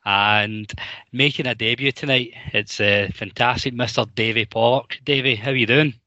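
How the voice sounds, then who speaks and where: A Scottish man hosting a podcast in a relaxed, chatty way with a few ums. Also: mid-range voice, normal speed, no echo, dull audio. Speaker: podcast host. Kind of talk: casual chat.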